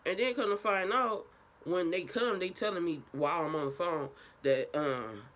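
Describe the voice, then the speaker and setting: A woman's voice: lowish voice, moderate pace, fairly bright tone. Young woman telling a profane story. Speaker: vlogger. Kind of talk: casual storytime.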